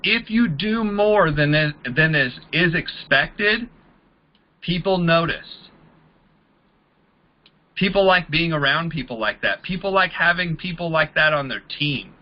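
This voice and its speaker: A casual man coaching network marketing recruiters, voicing both sides of the conversations he walks through. His voice sits high for a man. The recording sounds a bit dull and lo-fi. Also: animated, unhurried. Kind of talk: training talk to a group.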